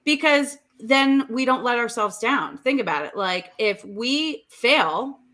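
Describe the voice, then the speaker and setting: A woman's voice: on the high side, animated, slow, fairly bright tone. A woman guest giving an earnest, reflective motivational talk about self-doubt. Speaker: guest, coach.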